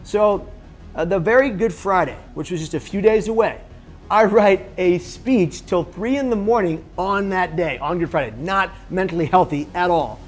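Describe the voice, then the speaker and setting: A man with a slightly high voice tells a personal story straight to camera. He is animated and jumps into the voices of the people he quotes. Faint music plays underneath. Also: normal speed. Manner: animated, acts out other people's lines in the story. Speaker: suicide prevention speaker.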